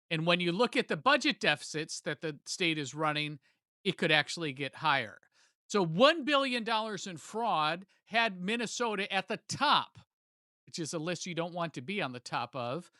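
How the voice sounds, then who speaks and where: A man's voice: sits high, bright, forceful tone, dry recording, clean studio sound. A man hosting political commentary, talking emphatically and with indignation.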